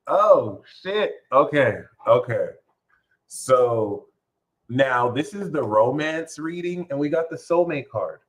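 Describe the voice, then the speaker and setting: A man in the middle of a relaxed tarot reading, drifting between card meanings and off-the-cuff asides. His tone is joking and loose, and he swears without a second thought. His voice sits at an ordinary, mid-range pitch for a man. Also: slow. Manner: playful, rambling, swears freely. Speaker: tarot reader.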